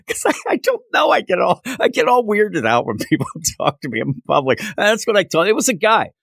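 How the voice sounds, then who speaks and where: A man from Minnesota chats casually on a comic book review podcast, his fairly high voice swooping up and down. He slips into exaggerated high voices for the people in his stories. The recording is dry and close. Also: brisk, vocal fry, no echo. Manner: animated storyteller, acts out quoted people in high voices.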